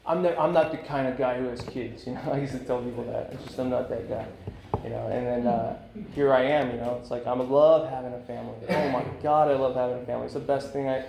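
A crowd can be heard behind this man in his thirties as he speaks at a recovery meeting, frank and rambling, with lots of fillers, about his own recovery. His medium-pitched voice is steady, creaky, and quick. The meeting room echoes, with faint ambience.

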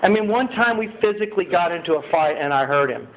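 A man giving a personal testimony at a recovery meeting. He tells his story in an animated way, swinging from loud excitement to quiet earnestness. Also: sits high, quick pace. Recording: tinny lo-fi recording with faint hiss.

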